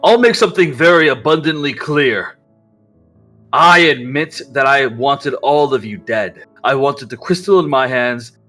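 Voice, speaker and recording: A man plays a cold, scheming rich villain who makes quiet threats in a low, bright-edged voice during an online tabletop game. There is faint music behind him. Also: animated, unhurried. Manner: clipped, menacing, threatening.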